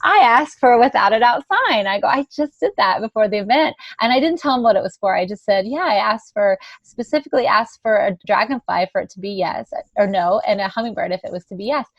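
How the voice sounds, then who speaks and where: A woman spins a personal anecdote in an easy, chatty way, slipping into the voices of people she quotes. Her voice sits at a middle pitch, and the audio is dry and a little dull, like a modest home setup. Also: fast, hardly any pauses, dry recording. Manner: chatty anecdotal narration, acting out quoted dialogue. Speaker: podcast guest. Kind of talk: casual storytelling.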